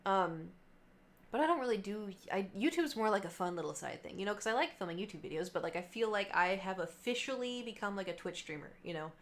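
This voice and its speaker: Woman in her late twenties, streamer, casual storytelling, animated, filler-heavy. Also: medium pitch, quick pace. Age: late 20s. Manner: chatty, animated, many fillers and trailing asides.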